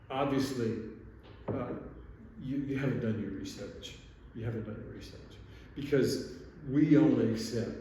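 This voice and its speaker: A snooty, condescending gallery owner with an affected posh air, played by a man. The voice sits at a middling pitch. It is heard from a distance in a strongly echoing room. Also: dark tone, lightly acted. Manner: condescending, repetitive. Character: haughty posh woman gallery owner, feigned British. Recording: echoey room, distant mic, faint noise.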